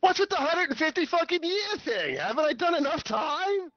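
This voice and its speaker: A man's voice: very high voice, big pitch swings, moderate pace, fairly bright tone, no echo, voice pushed up, exaggerated voice. A man voicing a worn-out old man who complains in an exasperated, whiny way. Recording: dull lo-fi voice chat.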